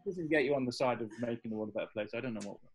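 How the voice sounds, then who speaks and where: A man's voice: mid-range voice, racing, slightly rough, poor audio. A man with an English Midlands accent, a guest on an interview, talking with enthusiastic, rambling energy and frequent restarts. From English Midlands, Staffordshire. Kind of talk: casual interview chat.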